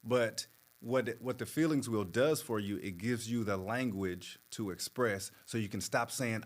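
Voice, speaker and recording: A man working as a therapist, explaining in a measured, patient way with plenty of fillers. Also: fairly low pitch. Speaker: therapist guest. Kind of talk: conversational explanation.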